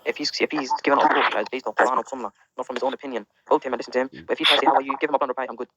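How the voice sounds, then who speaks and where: A man's voice: medium pitch, fairly even intonation, rapid-fire, background noise. A man talking bluntly and animatedly in slang during a casual religious discussion.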